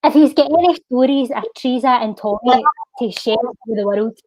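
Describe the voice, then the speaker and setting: A woman's voice: on the high side, a little mellow, no echo, low-quality recording. A woman with a Scottish accent performing a heartfelt spoken word poem and then chatting casually as a guest. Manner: lilting, heartfelt, slows down for the poem's refrain. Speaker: guest poet. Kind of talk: spoken word poetry recital and casual chat.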